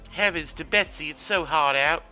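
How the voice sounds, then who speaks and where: A man's voice: fairly high pitch, takes it slowly, pushed and bright, faint music behind, exaggerated voice. A man putting on the voice of a flirty Southern belle woman with a sugary drawl.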